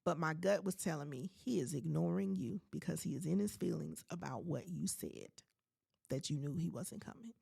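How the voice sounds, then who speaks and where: A woman in her forties hosts her own podcast and tells a personal story straight to her listeners. Her voice is heavily gravelly with a husky edge. She sounds animated and emphatic throughout. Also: deep voice, normal speed. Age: 40s. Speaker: podcast host. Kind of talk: casual storytelling monologue to listeners.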